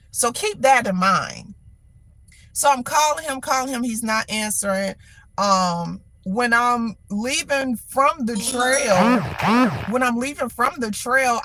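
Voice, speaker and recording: A middle-aged woman vents on a livestream in a lively, exasperated way and keeps circling back over the same points. Her voice sits a little high, and the recording is dry with no room echo. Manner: animated, exasperated storytelling with repetition. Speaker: livestream host. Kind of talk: casual venting monologue.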